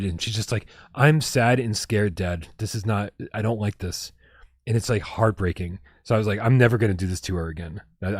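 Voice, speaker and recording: Lowish-voiced guy hosting a live gaming show, excitable, swears a lot, dry close mic. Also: dry recording. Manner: excitable, swears freely, animated storytelling. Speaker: podcast co-host. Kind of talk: casual livestream chat.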